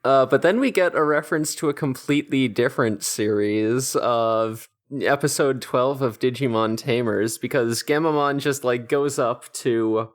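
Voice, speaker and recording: A man's voice: mid-range voice, normal speed, hardly any pauses. A man co-hosting an anime podcast, sardonic and loose with swearing, recapping the plot at length. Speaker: podcast co-host. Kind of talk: casual chat about an anime episode.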